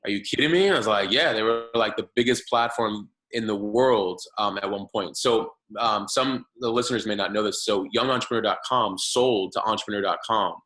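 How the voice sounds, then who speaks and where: A man in his thirties sits as a guest on a podcast and tells his story. He talks in a loose, rambling way, with lots of fillers and restarts. His voice sits a little low but sounds bright and forward. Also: moderate pace, few pauses, rough recording. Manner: rambling, many fillers and restarts, animated retelling. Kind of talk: casual storytelling interview.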